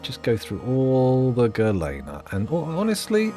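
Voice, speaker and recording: A man's voice: mid-range voice, wildly swooping pitch, measured pace, music in the background. Guy muttering jokes to himself while playing a game, voice jumps up and down a lot. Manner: rambling, jokey, muttering asides to himself. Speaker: let's play host. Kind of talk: gameplay commentary.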